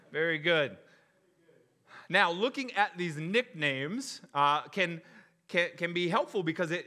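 Bright-voiced animated young male pastor. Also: a little high. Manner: animated, jokey, acts out crowd reactions. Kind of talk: sermon.

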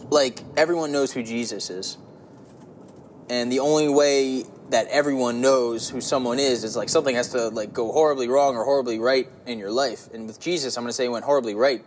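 A man's voice: medium pitch, steady tone, brisk. A young man hosting a solo podcast, rambling and swearing as he questions himself in frustration while sitting on a toilet. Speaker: podcast host.

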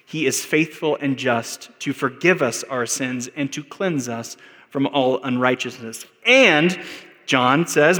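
A man's voice: medium pitch, slow pace, bright, forceful tone. A man with an American accent preaching a sermon as pastor, earnest and building to emphatic peaks. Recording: long hall reverb.

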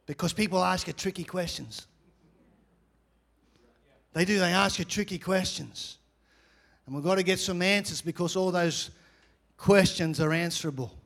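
High-voiced man preaching with energy. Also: moderate pace, creaky, pauses often. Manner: energetic preaching with repeated phrases, swings from loud to quiet. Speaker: pastor. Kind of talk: sermon.

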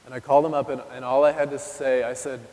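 A man's voice: mid-range voice, flat delivery, quick pace, darkish tone. Candid male preacher in a reverberant hall. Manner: candid, conversational, addresses the audience directly. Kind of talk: personal testimony sermon. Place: church hall. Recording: live recording in a reverberant hall.

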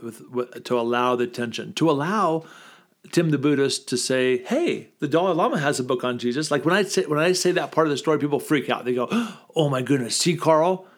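A man as a guest on a conversational show, telling a story and acting out the people in it. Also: mid-range voice. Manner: lively, acts out quoted voices in the story. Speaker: guest speaker.

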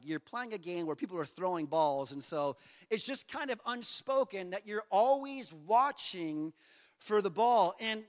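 A fairly high-voiced man in his forties preaches a sermon with a relaxed, joking, storytelling manner. His voice rings with long reverb in a church sanctuary. He acts out his stories with growing energy. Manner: conversational and self-deprecating, acting out the story with rising energy. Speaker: pastor.

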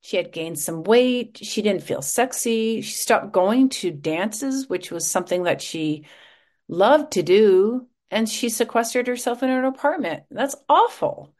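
A woman's voice: mid-range voice, measured pace. A middle-aged woman, a podcast host being interviewed, chatting casually and acting out quotes as she tells stories. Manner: animated storytelling, acts out quotes.

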